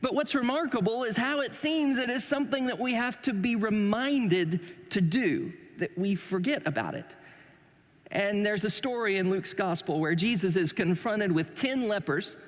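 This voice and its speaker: A man's voice: high-pitched, lively intonation, moderate pace, big-room sound. A man preaching a sermon as pastor, conversational and joking, with self-deprecating asides. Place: church sanctuary.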